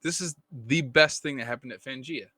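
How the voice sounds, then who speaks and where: A man's voice: mid-range voice, normal speed, no room sound, clean studio sound. A man co-hosting a comics podcast in casual chat, telling stories and acting out quotes with a raised voice. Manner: animated storytelling, acts out quotes with raised voice. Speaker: podcast co-host, comic writer.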